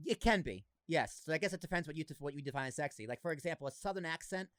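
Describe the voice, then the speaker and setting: Over a dry, close mic, a young man with a slight Boston accent hosts a loose podcast chat, his voice sitting a bit high for a man. He jokes freely, tosses in quick asides and talks over his guest. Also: expressive, fairly bright tone, clean tone, no room sound. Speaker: podcast host.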